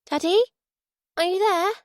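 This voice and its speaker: Audiobook child: a woman doing a little girl, small nervous voice, hopeful, close to tears, pitched well up, dry close read. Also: steady tone, measured pace, dry recording. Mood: pleading. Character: young girl, nervous and hopeful, missing her father.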